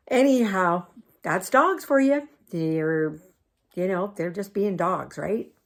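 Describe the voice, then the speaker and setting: A woman's voice: fairly low pitch, expressive, slow. An older woman chatting casually to her camera, laughing often and cooing at her dogs. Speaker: vlogger.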